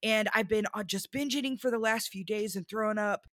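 Young woman chatting, bright voice, dry close sound, acts out what people said. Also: medium pitch, a little fast, dry recording. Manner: animated, acts out quotes with lots of fillers. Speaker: storyteller recounting a date. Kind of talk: casual chat.

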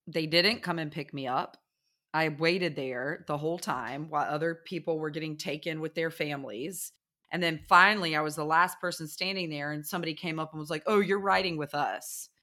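Animated woman telling a story. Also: sits low. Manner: animated, acts out people and sounds in her story. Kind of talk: casual storytelling chat.

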